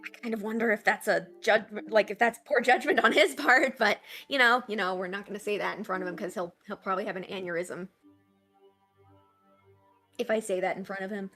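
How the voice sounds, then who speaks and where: A woman playing a tabletop game, talking hesitantly in and out of character with many pauses. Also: mid-range voice, pushed and bright, soft background music. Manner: hesitant, trailing off with fillers. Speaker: player. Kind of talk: tabletop role-play, in and out of character.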